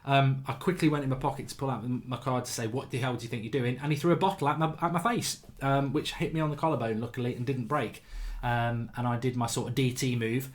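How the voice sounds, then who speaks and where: A man's voice: medium pitch, steady tone, fast. A man, hosting a casual livestream chat and telling rambling anecdotes full of restarts. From England. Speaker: show host.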